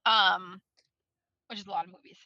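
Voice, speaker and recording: A woman's voice: medium pitch, normal speed, no echo, dull audio. A woman in casual book club chat, rambling and swearing freely while she drives. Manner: rambling, swears a lot, lively.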